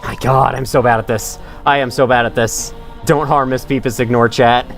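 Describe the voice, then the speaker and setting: Here a man with a mid-range voice talks at normal speed with fairly even intonation, faint music behind him. He's live-streaming a game from his home, chatting with his audience, reading chat aloud, and swearing when things go wrong.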